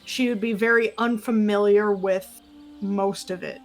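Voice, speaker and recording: A woman's voice: mid-range voice, fairly even intonation, measured pace, faint music behind. A woman playing a tabletop game, talking in a thoughtful, hesitant way. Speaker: player. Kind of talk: casual tabletop play.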